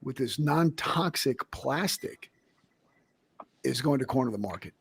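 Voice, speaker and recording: A man's voice: mid-range voice, expressive, a little slow, gravelly, crowd noise. A man hosting a podcast, talking in an upbeat, motivational way. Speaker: host. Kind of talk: casual podcast interview.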